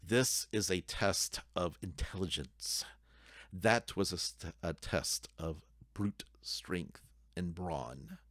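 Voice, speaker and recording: Man voicing a slow steely ogre woman. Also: low-pitched, expressive, fairly bright tone, no room sound, clean studio sound, heavily acted. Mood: stern. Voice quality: slow, firm, deliberate. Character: big determined female ogre, steely and proud.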